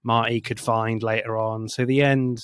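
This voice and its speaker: A man's voice: medium pitch, flat delivery, normal speed, smooth, no room sound, studio quality. Blunt man giving film opinions. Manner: opinionated, blunt, swears casually. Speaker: podcast co-host. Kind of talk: casual film discussion.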